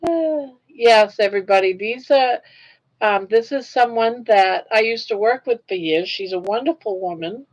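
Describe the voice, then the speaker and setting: A woman's voice: fairly high pitch, normal speed, highs cut off. An older woman hosting her own live stream, chatting casually and reacting aloud to viewer comments. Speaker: livestream host.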